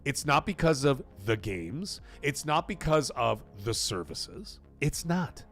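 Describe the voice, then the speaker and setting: Lively male streamer, voice going hoarse. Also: medium pitch, slow pace, soft background music. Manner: animated, emphatic and repetitive. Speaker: live-stream host. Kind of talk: casual live-stream chat reading donations.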